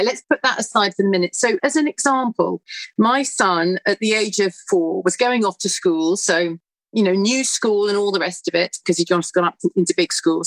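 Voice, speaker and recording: A middle-aged British woman talks as a guest, quick and animated as she tells a story, her voice moving easily up and down. Her pitch sits in an ordinary middle range. The recording is close and dry, with no room sound. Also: no echo, poor audio. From United Kingdom. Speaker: guest author. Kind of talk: conversational storytelling.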